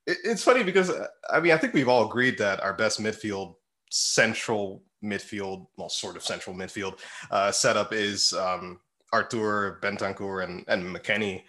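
Bright-toned man chatting about football. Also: fairly low pitch, normal speed. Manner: rambling, laughs often, many fillers. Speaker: podcast co-host. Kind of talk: casual chat about football.

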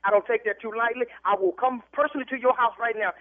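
A man's voice: extremely high pitch, steady tone, fast. A man who owns a business, arguing indignantly on a phone call, heard over a tinny phone line. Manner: indignant, protective. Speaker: prank call target, business owner. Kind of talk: heated phone argument.

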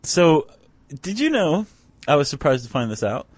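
A man's voice: on the high side, big pitch swings, moderate pace, no echo. A man co-hosting a podcast in casual conversation, chatty and wry, often restarting his sentences with fillers. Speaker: podcast co-host.

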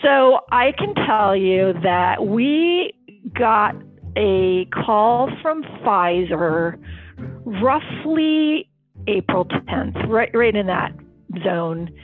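A woman vaccine researcher answering interview questions in an eager, animated way, quick to laugh. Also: medium pitch. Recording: tinny phone line.

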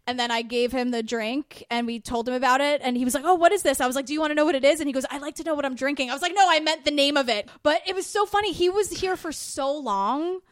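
A woman guest on a podcast, gushing and animated as she retells a story in casual chat. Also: sits high, fast talker, hardly any pauses, no room sound, studio quality.

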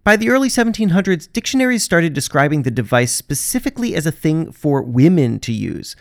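Wry, animated male podcast narrator. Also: on the high side, fairly quick, dry recording, studio quality. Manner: wry, sarcastic asides. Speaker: podcast host. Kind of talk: scripted narration.

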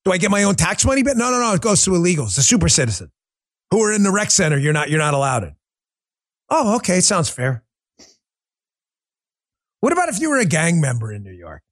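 A man hosting a political commentary podcast, talking in an animated, joking and profane way. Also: sits high, brisk, pauses often. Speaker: podcast host.

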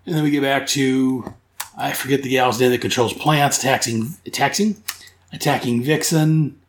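A man's voice: medium pitch, fairly even intonation, normal speed, echoey room, slight background noise. A man hosting a podcast, recapping comics casually in a rambling, enthusiastic way that corrects itself as he goes. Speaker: comic book podcast host.

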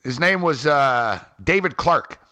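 He takes it slowly, his pitch fairly high, as a fantasy sports radio co-host on a Halifax trip. His story rambles along in casual chat, animated and filled with frequent "like" and "man."

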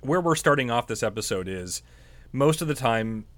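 Man, podcast co-host, medical professional, middle pitch, animated, conversational, casual chat. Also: normal speed, no echo. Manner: animated, conversational, self-correcting.

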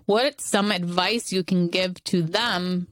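Lower-voiced woman hosting a podcast. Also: fairly even intonation, slow pace, no room sound. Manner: conversational questioning. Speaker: podcast co-host. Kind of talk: podcast interview.

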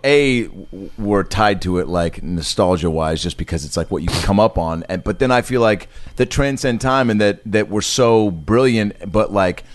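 Low-voiced male co-host, meandering, thinks aloud; dry close sound. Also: no room sound. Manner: rambling, searching for words. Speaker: podcast co-host. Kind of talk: casual podcast chat.

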